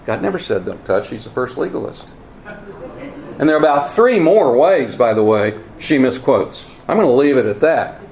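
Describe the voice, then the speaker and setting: A man preaching a teaching sermon, earnest and emphatic, with wry asides and halting repeats. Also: medium pitch, big pitch swings, a little mellow. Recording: roomy echo, faint ambience.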